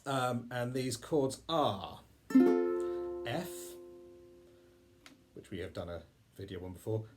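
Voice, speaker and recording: A man's voice: mid-range voice, expressive, slow pace, over loud music. Self-deprecating man teaching ukulele. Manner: self-deprecating, apologetic, chatty. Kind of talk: casual music tutorial. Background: ukulele playing.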